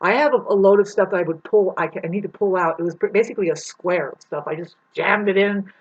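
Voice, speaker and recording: A woman's voice: mid-range voice, fast talker, husky, muffled recording. A woman telling a rambling story in a casual monologue, swearing and acting out the people she describes. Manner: rambling, swears, acts out the people in her story with big voice swings.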